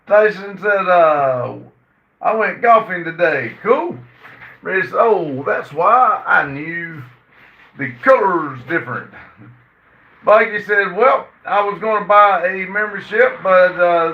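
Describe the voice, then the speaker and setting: A man hosting a casual livestream, reading viewer comments aloud and answering them with many "uh" fillers. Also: a little high. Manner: reads chat messages aloud and answers them; halting, frequent "uh" fillers. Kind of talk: casual chat. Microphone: phone. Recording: roomy, distant and dull phone audio.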